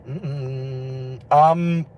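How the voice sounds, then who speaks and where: A man's voice: medium pitch, fairly even intonation, drawn-out words, darkish tone, muffled recording, slight background noise. A man chatting casually on a livestream, rambling, swearing and laughing often, talking into a phone. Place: outdoors on city streets.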